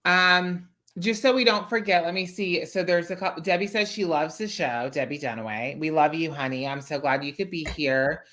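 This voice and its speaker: Relaxed man reading viewer comments. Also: a little high, moderate pace, hardly any pauses. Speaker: co-host. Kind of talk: casual live-stream chat.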